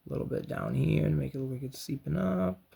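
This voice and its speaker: A man's voice: on the high side, fast talker, vocal fry, dark tone, slightly rough. A man hosting a casual painting and crafts tutorial, chatty and encouraging, with joking slangy asides. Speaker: host of a toy and craft channel.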